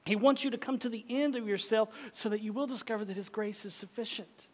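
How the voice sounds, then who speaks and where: A man preaching a sermon as pastor, swinging from loud urgent pleading to soft, whispered tenderness. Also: high-pitched. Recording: long hall reverb.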